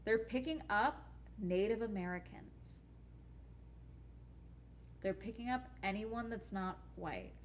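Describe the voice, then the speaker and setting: A woman's voice: mid-range voice, slow, pauses often, slight background noise. Blunt, swearing young woman streamer. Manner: animated, blunt ranting with frequent swearing. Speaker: YouTuber streamer. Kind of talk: casual live-stream chat while gaming.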